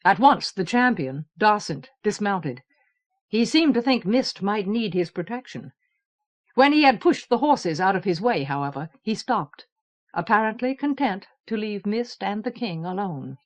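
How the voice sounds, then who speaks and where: Slow, measured woman narrator. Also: medium pitch, lively intonation. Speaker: audiobook narrator. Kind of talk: scripted narration.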